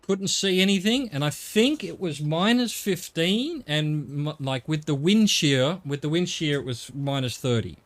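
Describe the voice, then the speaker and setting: A man's voice: a little high, lively intonation, measured pace, few pauses. A middle-aged man with an Australian accent, streaming a game and chatting casually, rambling and correcting himself as he goes. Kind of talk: casual chat while gaming.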